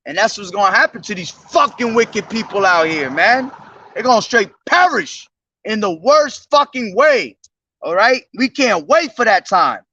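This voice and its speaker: A young man preaching outdoors at a bus station, slowly declaiming scripture, then talking in slangy, profane street speech into a camera he holds himself. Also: high voice, expressive, sharp tone, dry recording, highs cut off. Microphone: self-held camera.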